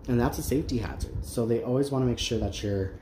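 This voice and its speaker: A man's voice: medium pitch, fast. A man hosting a crafting channel, chatting casually and candidly while he works, with many ums and restarts. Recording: roomy echo, faint background noise.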